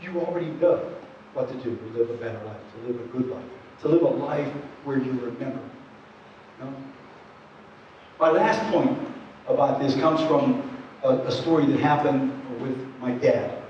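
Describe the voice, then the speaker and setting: A man's voice: medium pitch, normal speed, pauses often, a little mellow, a little hiss or hum. Earnest man speaking in an echoey hall. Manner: earnest, many asides and "you know"s. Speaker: presenter. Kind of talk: conversational storytelling talk. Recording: echoey hall, distant dull mic.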